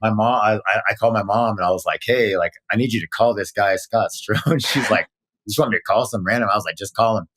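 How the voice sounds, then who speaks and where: A man telling his story in a casual interview, earnest and animated, with many fillers and moments of emotion. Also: fairly low pitch, quick pace, few pauses. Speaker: guest.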